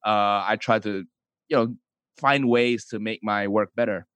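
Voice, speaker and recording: A man's voice: fairly low pitch, measured pace, fairly bright tone, clear, resonant tone, no echo. A man from Malaysia, a comedian answering interview questions casually, often hesitating and restarting his sentences. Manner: hesitant, many restarts and fillers. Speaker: comedian and YouTuber guest.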